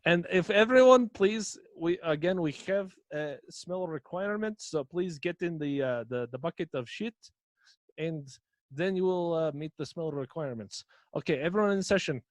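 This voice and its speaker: A man voicing a boastful, filthy Russian mad-monk cult leader in a loud mock-Russian accent drifting toward mock French, with pompous broken grammar. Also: a little high, animated, moderate pace, dry recording, voice pushed up, lightly acted.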